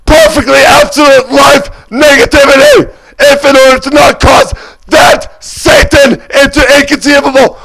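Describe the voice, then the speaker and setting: A man in an agitated spoken monologue, shouting and wailing as he piles up repeated words and lists. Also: extremely high pitch, lively intonation, moderate pace, vocal fry, poor audio.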